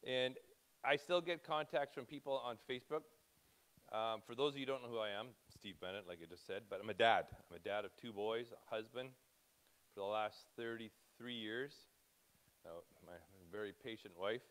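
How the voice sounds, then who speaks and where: A man's voice: lowish voice, moderate pace, a bit bright. Rambling, emotional man preaching. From Canada. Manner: rambling, self-interrupting, emotional. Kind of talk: informal church talk.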